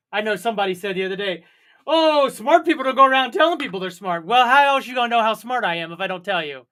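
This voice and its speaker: A man's voice: high voice, pushed and bright. A young man hosting a casual solo livestream, rambling with jokey, self-mocking asides. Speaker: livestream host.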